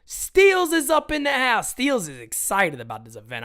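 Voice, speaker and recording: A man hosting a fan sports livestream, hyped and chatty, rattling off shout-outs with frequent restarts. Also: extremely high pitch, huge pitch swings, normal speed. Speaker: livestream host. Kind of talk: energetic fan livestream talk.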